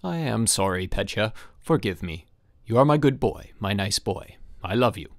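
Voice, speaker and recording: A man voicing an irritable, tired middle-aged father in a storybook reading, curt and quick to scold. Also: lowish voice, lively intonation, dry recording, clean studio sound. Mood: gentle, remorseful. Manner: curt, testy.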